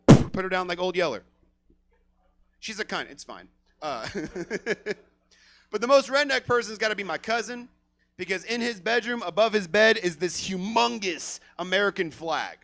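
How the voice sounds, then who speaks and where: A man doing a profane, energetic stand-up set on a comedy theater stage and hyping the crowd as emcee. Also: high-pitched. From Stockton, California.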